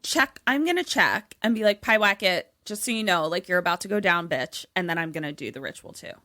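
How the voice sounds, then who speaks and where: A woman's voice: lowish voice, animated, fast, bright, forceful tone, dry recording, clean studio sound. A young woman co-hosting a casual podcast, reacting with jokes and swearing and playing out her own guesses. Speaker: podcast co-host listening and guessing. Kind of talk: casual chat.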